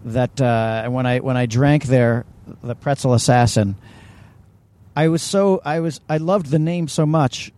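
A man co-hosting a casual comedy podcast, rambling and joking in an animated way. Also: mid-range voice, measured pace. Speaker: podcast co-host.

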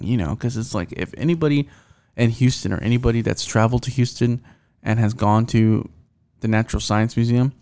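A man's voice: mid-range voice, a little fast, darkish tone. A young man hosting a solo podcast, rambling and swearing, with many fillers and restarts. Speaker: podcast host. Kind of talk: casual solo podcast rant.

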